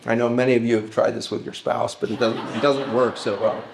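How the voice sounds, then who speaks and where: A man's voice: medium pitch, little pitch movement, creaky, crowd noise. Man giving a storytelling stage talk. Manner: storytelling, slows and lifts his voice to act out pleas. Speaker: physician speaking at a festival. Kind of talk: talk to a live audience.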